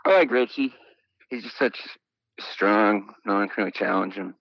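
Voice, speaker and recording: A man's voice: fairly low pitch, normal speed, gravelly, dry recording. A man with a Boston accent, calling in to a trivia quiz and guessing unsurely. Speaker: caller. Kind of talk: casual phone call. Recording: muffled phone line.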